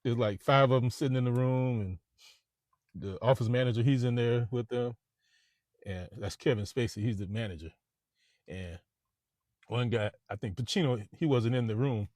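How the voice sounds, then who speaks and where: A man's voice: medium pitch, normal speed, pauses often, darkish tone, no room sound. A man, a real estate agent, rambling casually in a vlog monologue from inside a parked car, repeating words as he goes.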